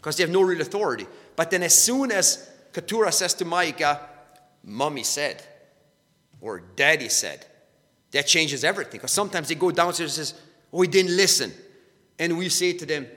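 Middle-aged male preacher, slightly high bright voice, earnest and repetitive, reverberant hall. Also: expressive, moderate pace. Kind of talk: sermon.

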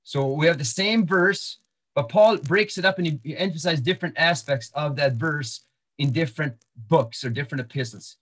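A man delivers sermon-style Bible teaching, walking through verses with frequent fillers, repeated words and restarts. His voice is fairly high and fairly bright, at a moderate pace.

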